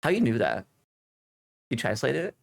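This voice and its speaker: A man's voice: mid-range voice, very animated, vocal fry. Chatty Finnish-accented male streamer. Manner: chatty, halting English with many fillers. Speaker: livestream host. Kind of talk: casual stream chat. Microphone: desk streaming microphone.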